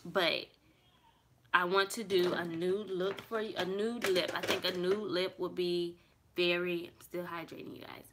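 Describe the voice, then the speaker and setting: Young woman, lowish voice, chatty makeup tutorial, thinking aloud, noisy bedroom recording. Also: level tone, measured pace. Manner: chatty, talks to viewers as y'all, thinks aloud while working. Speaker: beauty vlogger. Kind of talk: casual makeup tutorial chat. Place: her bedroom. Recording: clear background noise.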